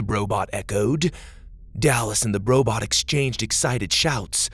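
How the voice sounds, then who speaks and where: A man narrating a children's story in a gentle, steady storytelling manner. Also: on the low side, a little slow, slightly rough, no room sound.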